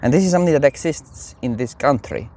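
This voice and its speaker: A man talks through religious commentary in a loose, rambling way, full of fillers and restarts. His pitch swings widely as he goes. It sounds like casual commentary, not a polished sermon. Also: a little fast. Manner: rambling, animated, many fillers.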